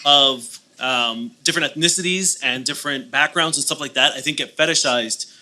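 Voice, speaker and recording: A man's voice: mid-range voice, moderate pace, pushed and bright. A man co-hosting a podcast live on stage, joking and rambling with many restarts in casual talk. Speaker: podcast co-host. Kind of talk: casual comedic chat. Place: live show venue on stage.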